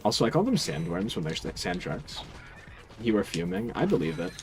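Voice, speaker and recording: A man's voice: deep voice, sing-song, brisk, soft background music. A man streaming a video game, chatting casually with his viewers in a laid-back, dry, teasing way. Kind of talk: casual stream chat while gaming.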